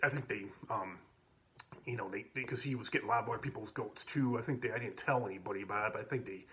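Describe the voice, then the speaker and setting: A man's voice: on the low side, fast talker, pushed and bright. A man casually telling stories from his school days, rambling with many restarts and plenty of casual swearing. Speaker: vlogger. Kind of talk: casual storytelling.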